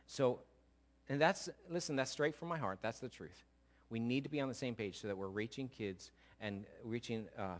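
A middle-aged man pastor giving a sermon in a church, talking conversationally and joking with his congregation. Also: mid-range voice. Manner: conversational, jokey, checks in with congregation. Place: church sanctuary.

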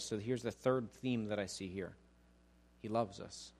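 A man's voice: lowish voice, moderate pace. A man preaching a sermon, acting out quoted voices and leading the congregation in call-and-response. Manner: animated preacher who acts out quoted voices and asks the congregation to repeat lines. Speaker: pastor.

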